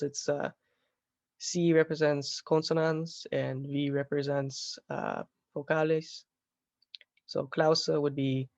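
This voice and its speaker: Halting man explaining slides. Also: a little high, creaky, no echo, muffled recording. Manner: halting, self-correcting explanation with fillers. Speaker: Latin teacher. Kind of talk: recorded slide lesson.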